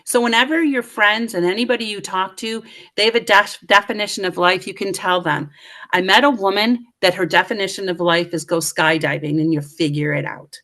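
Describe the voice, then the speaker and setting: A middle-aged woman telling a story as a podcast guest. She is lively and pokes fun at herself, and she slips into little voices for the people she talks about. Her voice sits at a middle pitch for a woman. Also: fairly quick. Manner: lively, self-mocking, acts out voices. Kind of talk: animated storytelling.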